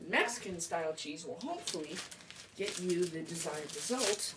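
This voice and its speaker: A young woman hosting a home cooking video in her kitchen, talking in a halting way with frequent restarts. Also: lowish voice, expressive. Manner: hesitant, halting, with many restarts. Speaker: cooking show host. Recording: distant mic, noisy kitchen.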